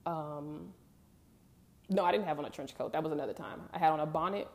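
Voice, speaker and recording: Speaking a little fast in a deep, steady voice, this young vlogger shares a personal story with her viewers. She's candid and conversational, with plenty of emphasis, in a casual to-camera way.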